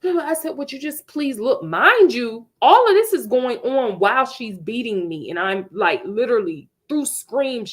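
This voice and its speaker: A woman podcast host earnestly telling a personal story, emphatic and candid. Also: mid-range voice. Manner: earnest, emphatic, with rueful laughs.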